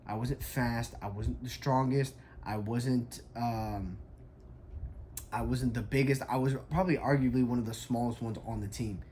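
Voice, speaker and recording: A man's voice: medium pitch, fairly even intonation, moderate pace, a little mellow, slight background noise. A young adult man, a fitness coach, tells a story in a casual vlog, emphatic and frank, with lots of "like".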